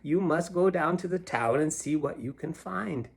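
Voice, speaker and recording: A man voicing a calm, kindly old village witch in a picture book read aloud, speaking gently and soothingly. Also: fairly high pitch, normal speed, vocal fry, husky, pitched above the performer's own voice. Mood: gentle.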